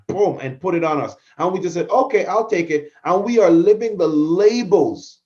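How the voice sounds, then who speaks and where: A man's voice: high voice, a little mellow, highs cut off. A middle-aged man hosting a podcast, giving a fervent motivational talk that repeats phrases for emphasis. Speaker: podcast host, motivational speaker.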